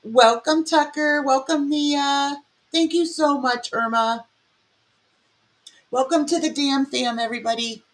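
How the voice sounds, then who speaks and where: A woman streamer who pauses a video to make sarcastic comments and greet her chat members by name. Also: high voice. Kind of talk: live-stream reaction commentary.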